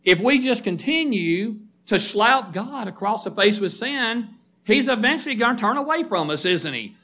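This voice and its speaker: A man's voice: high-pitched, animated, normal speed, pushed and bright. A middle-aged male preacher giving a sermon, emphatic, firing questions at the congregation and calling listeners by name.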